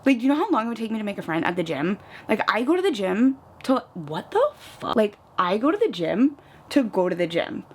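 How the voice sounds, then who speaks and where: Her voice sits at medium pitch, brisk and slightly breathy. She's a young East Coast vlogger putting on makeup at home, chatting casually in get-ready-with-me style, peppering her talk with "like" and acting out small stories with animation.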